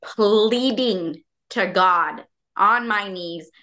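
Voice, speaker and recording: Bright, expressive chatty woman. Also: mid-range voice, extremely slow. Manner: expressive, heavy filler words, acts out quotes. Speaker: podcast guest. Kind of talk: candid casual conversation.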